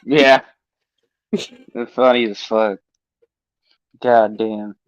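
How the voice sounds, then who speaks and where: A man's voice: medium pitch, steady tone, drawn-out words, no room sound, muffled recording. A man co-hosting a podcast, chatting casually and profanely about movie scenes. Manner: profane, laughing, riffs on movie quotes. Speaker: podcast co-host. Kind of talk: casual chat.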